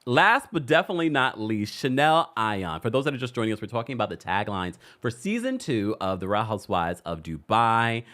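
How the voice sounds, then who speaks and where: Animated, laughing male gossip host. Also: on the low side, a little fast, hardly any pauses. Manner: animated, laughing, playful teasing. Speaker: celebrity gossip show host. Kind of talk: casual commentary to a live chat.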